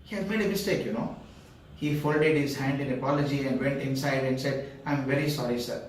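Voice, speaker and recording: A man's voice: medium pitch, fairly quick, a little hiss or hum. Older Indian man telling a story, echoey. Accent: Indian English. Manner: lively, acts out quoted voices. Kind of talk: spoken personal story. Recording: echoey room, far from the mic.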